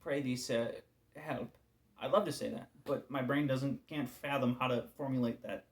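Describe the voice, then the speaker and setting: A man giving an informal devotional talk as a preacher, casual and candid, weary and subdued, often trailing off into quiet asides. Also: medium pitch.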